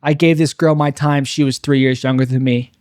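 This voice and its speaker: A man's voice: medium pitch, fairly even intonation, a little fast, a little mellow, no echo, clean studio sound. A young man doing a confessional stand-up monologue, rambling and bitter, mocking himself with frequent restarts. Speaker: stand-up comedian.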